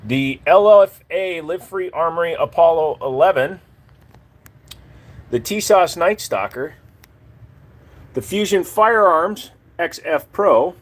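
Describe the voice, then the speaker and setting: Slightly high-voiced dude on a live stream, cussing and joking around, chatting with viewers. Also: male voice. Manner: crude, joking, swears freely, talks to his dog and chat. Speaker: streamer showing his gun collection. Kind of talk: casual live stream chat.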